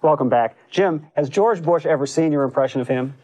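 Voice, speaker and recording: A man co-hosting a political debate show, leading into breaks and back with a crisp on-air delivery. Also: on the high side, fairly quick, muffled recording. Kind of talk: TV interview.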